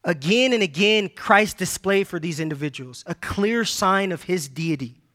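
Male preacher, emphatic sermon delivery, high-pitched and bright-toned. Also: lively intonation, moderate pace. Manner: emphatic, repeats key phrases for stress; addresses congregation directly, reads scripture aloud.

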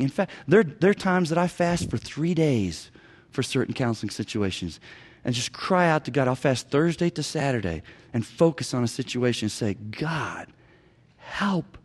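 Emphatic higher-voiced man preaching. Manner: emphatic, swings between loud urging and hushed low phrases; repeats key words for emphasis. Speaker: pastor teaching biblical counseling. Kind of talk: preached teaching talk.

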